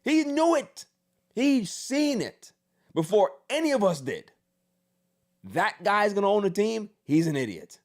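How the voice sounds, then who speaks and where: A man's voice: high voice, very animated, measured pace. Ranting, sardonic male podcast host. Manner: emphatic, ranting fan with sardonic humor. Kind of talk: casual podcast commentary.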